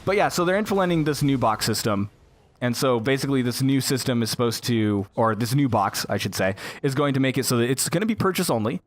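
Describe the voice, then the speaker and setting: A young American man chatting casually about a game while playing it in the background, rambling with fillers and asides. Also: mid-range voice. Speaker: gaming YouTuber. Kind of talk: casual commentary over gameplay.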